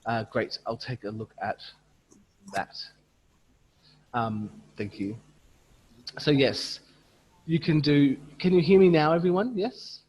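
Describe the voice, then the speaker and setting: A man leading an online teacher training, patiently modelling words slowly and repeating them for his audience over a video call. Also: fairly high pitch, a little mellow, husky, long reverb tail, dull audio. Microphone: computer mic on a video call.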